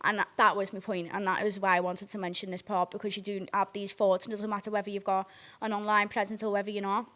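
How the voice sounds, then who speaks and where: A woman's voice: medium pitch, level tone, quick pace, sharp tone. A young woman with a Northwest English accent, hosting a podcast and telling stories in a casual, candid way. She swears freely and keeps checking in with her listeners. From near Liverpool, England. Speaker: podcast host. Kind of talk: casual storytime chat.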